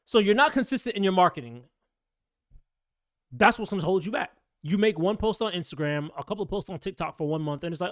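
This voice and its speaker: A fast-talking man gives a blunt, streetwise pep talk to aspiring notaries. His voice sits a little high and rushes ahead. The recording is dry and close, with no room sound. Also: lively intonation, no echo. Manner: blunt, ranting, streetwise slang. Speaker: notary business coach. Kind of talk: blunt motivational talk to camera.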